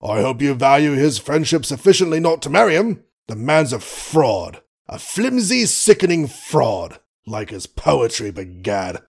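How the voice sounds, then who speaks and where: A man's voice: medium pitch, very animated, measured pace, vocal fry, few pauses, breathy edge, full character voice. Guy doing a grumpy old colonel, snorty and huffy, storybook reading. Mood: blustering. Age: older. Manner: snorting, indignant, old-fashioned bluster. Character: gruff blustering old male colonel.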